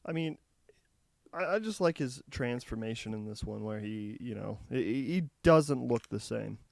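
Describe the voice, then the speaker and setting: A man co-hosting a casual movie review podcast, rambling and halting as he thinks aloud. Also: mid-range voice, lively intonation, vocal fry, darkish tone. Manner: rambling, halting, many restarts. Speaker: podcast co-host.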